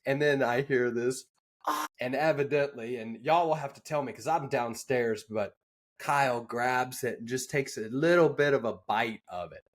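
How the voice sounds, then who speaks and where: A man telling a joking anecdote in casual chat, shouting the quoted lines. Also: mid-range voice, moderate pace. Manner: easygoing, laughs into punchlines, shouts quoted lines. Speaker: podcast guest.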